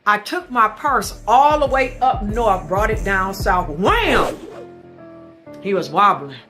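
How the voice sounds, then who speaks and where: Brash, bright-voiced woman telling a comic story. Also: medium pitch, slow pace, faint music behind. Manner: brash, boastful, animated. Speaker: comedic storyteller.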